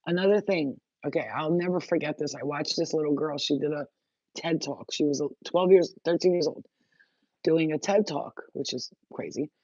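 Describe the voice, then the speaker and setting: A woman's voice: deep voice, normal speed, a little mellow, no echo. Woman spiritual channeler, casual live chat, blunt and profane, dry lo-fi sound.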